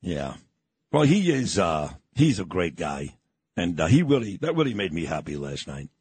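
Older guy hosting morning radio, husky voice going up and down a lot, bragging stories. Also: low voice, big pitch swings, normal speed, darkish tone, no room sound. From New York. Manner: storytelling, emphatic, boastful. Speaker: radio show host.

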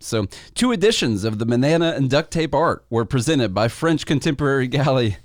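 A man's voice: mid-range voice, expressive, brisk, dry recording, studio quality. Chatty man co-hosting a podcast. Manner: chatty, laughs easily, stumbles over names. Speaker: podcast co-host. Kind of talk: casual news chat.

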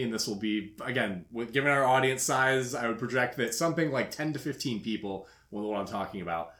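A man's voice: lowish voice, a bit bright. A man hosting a podcast, telling a story in casual chat and laughing often. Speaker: podcast host. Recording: echoey room.

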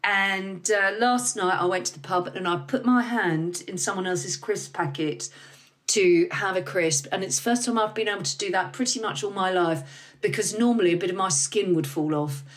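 A woman's voice: medium pitch, moderate pace, lightly acted. A grateful man telling his story plainly on the phone, as a woman quotes him in her own voice. It is matter-of-fact, with little put-on. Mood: earnest. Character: grateful man with a skin condition phoning in.

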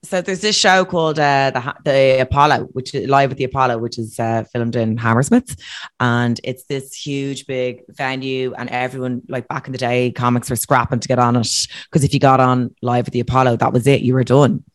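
An Irish comedian talks bluntly and swears freely in lively podcast chat. The pitch sits in the middle range. The voice is close and dry, with no room sound. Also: fairly quick, no room sound.

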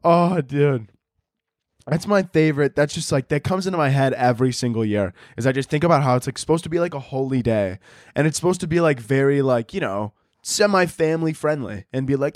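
A man's voice: mid-range voice, brisk, dry recording. Sarcastic, rambling young man, close and dry. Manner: rambling, profane, sarcastic, laughs a lot. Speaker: podcast host. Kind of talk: comedic monologue.

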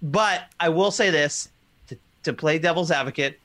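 A man chatting casually on a podcast, rambling and animated, laughing often as he talks. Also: fairly high pitch, moderate pace. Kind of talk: casual chat.

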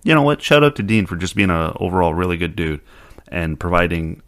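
Speaking fairly quickly, this male podcast host rambles through casual chat and an outro, dropping the occasional swear word. His low-pitched voice sounds clean and fairly bright. The setup is a studio microphone with headphones.

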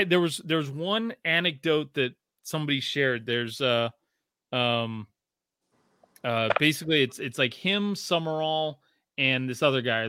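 A man's voice: medium pitch, no echo, studio quality. A man in casual chat, rambling and profane, full of fillers and restarts, voicing quotes as he tells stories. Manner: animated storytelling with voiced quotes.

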